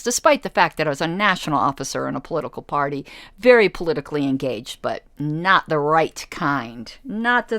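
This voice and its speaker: Woman radio host with a lowish voice, sarcastic and argumentative, arguing back at an article she reads on air. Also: a bit bright, no echo, clean studio sound. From United States. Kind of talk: reading and rebutting an article.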